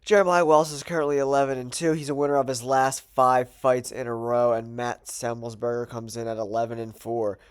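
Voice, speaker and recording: A man with a stuffed-up, nasal voice from a cold hosts his own show. He talks casually and thinks out loud, with plenty of fillers as he works through his picks. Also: mid-range voice, flat delivery, fairly quick, hardly any pauses, clean tone. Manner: chatty, thinking aloud with fillers. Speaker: host. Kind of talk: casual betting predictions monologue.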